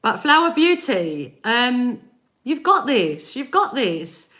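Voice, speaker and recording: A woman energy healer giving a live-stream spiritual reading, animated and encouraging, laughing often as she talks straight to her viewers. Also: a little high, slow pace. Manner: speaks directly to chat viewers.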